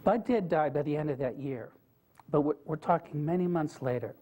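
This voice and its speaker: At a moderate pace, the guest speaker's fairly high, dark-toned voice carries through slight background noise as he tells stories to a live lecture-room audience. Earnest and conversational, he speaks directly to them and asks questions.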